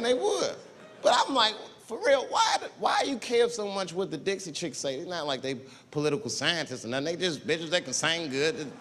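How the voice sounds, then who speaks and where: A young adult man doing a stand-up comedy set, telling profane stories and acting out characters in loud, high voices. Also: big-room sound, slight background noise.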